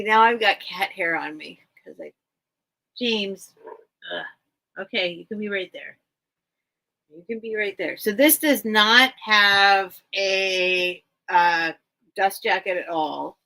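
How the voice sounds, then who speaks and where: A woman hosts a live vintage sale in an easy, chatty way, often breaking off to greet viewers or shoo her cat. Her voice is bright and clear, and she takes her time with each item. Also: mid-range voice, low-quality recording. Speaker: live sale host selling vintage items. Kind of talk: casual live-stream selling chat.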